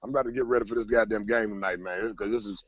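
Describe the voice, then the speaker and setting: A man's voice: on the low side, steady tone, rapid-fire, no room sound, lo-fi sound. A man hosting a casual sports talk show, heated and rambling, swearing constantly. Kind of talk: casual profane sports chat.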